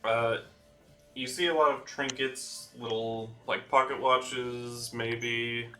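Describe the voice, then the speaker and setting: A man's voice: mid-range voice, flat delivery, takes it slowly, sharp tone, faint music behind. A man running a tabletop game as dungeon master, talking loosely with lots of fillers and laughter.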